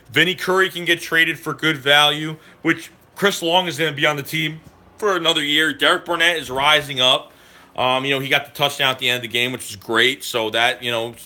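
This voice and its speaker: A man's voice: fairly high pitch, pushed and bright. A man streaming live, talking with chat in a heated, profane rant about football.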